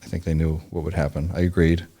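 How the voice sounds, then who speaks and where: Interview guest, man in his forties, from Indianapolis: low, warm voice, halting storyteller. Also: level tone. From Indianapolis, United States. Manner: rambling, halting, full of restarts and fillers. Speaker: podcast guest, former Navy SEAL and historian.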